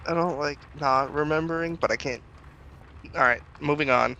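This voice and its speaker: A man's voice: a little high, moderate pace, pushed and bright, muffled recording. A man playing a tabletop game in character, rambling through plans, swearing and laughing often.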